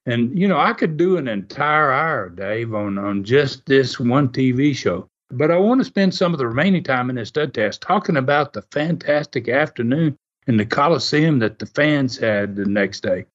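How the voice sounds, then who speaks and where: A man telling stories in a casual, animated way, laughing often and acting out what others said. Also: medium pitch, normal speed. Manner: animated, laughs often, acts out quoted voices. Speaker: guest recounting wrestling TV history. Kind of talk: casual storytelling. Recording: muffled lo-fi audio.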